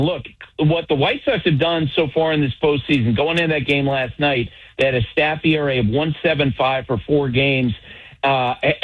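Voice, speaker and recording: A man's voice: fairly high pitch, slightly rough. Opinionated middle-aged man, dull radio sound. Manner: opinionated, piles up quick examples. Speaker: baseball analyst. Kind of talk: sports radio talk.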